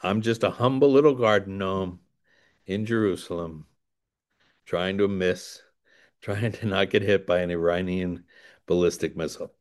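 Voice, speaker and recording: A man's voice: fairly low pitch, moderate pace. A man giving a rambling storytelling talk to a recovery audience, digressive and self-deprecating with wry asides. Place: indoors by a window.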